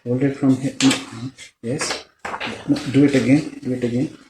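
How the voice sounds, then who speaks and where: A male teacher with a Pakistani accent talks young children through a task in a school library, patient and coaxing. He repeats his instructions often. The room is echoey, with a steady noisy background behind him. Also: medium pitch, moderate pace. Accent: Pakistani English.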